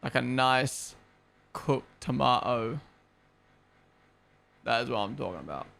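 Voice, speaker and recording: A man's voice: medium pitch, expressive, slow, vocal fry, a bit bright. Young man ranting on stream. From Australia and New Zealand. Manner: rambling, opinionated, swears freely. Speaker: streamer hosting a race watchalong. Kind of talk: casual live-stream chat. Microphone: gaming headset.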